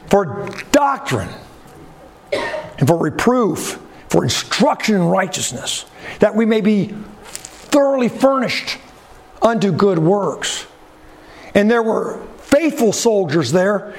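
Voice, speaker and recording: A man preaching a sermon, emphatic and deliberate, asking rhetorical questions and letting his phrases fall at the end. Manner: drops pitch sharply at the ends of phrases.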